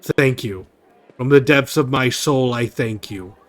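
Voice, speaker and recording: A man's voice: mid-range voice, measured pace, close to an everyday voice. A man reading aloud as a gloomy, guilt-ridden disgraced male crusader in a video game, in a weary, heavy tone. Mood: morose.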